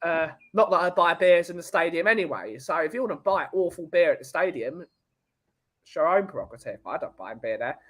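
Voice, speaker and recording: A man hosting a laid-back podcast, telling rambling jokey stories. His voice sits a little high for a man. He talks in a loose, chatty way. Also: animated, brisk, a bit bright. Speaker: podcast host. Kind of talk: casual chat.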